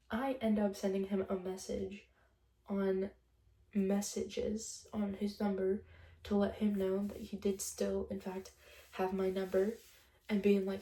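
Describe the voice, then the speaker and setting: A young woman rattles off a breakup story, chatty and blunt, with plenty of swearing. Her voice is gravelly and mellow. It carries a roomy echo, as if she is filming in a bare room. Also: mid-range voice, level tone, unhurried, far from the mic. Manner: chatty, blunt, swears freely, laughs often. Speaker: vlogger. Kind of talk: casual storytime vlog.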